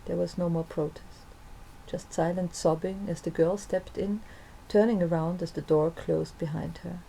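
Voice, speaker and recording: A woman reading her own story aloud in the first person, in a calm, soft-spoken way. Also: on the low side, normal speed, creaky, slight background noise, poor audio. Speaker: narrator and author.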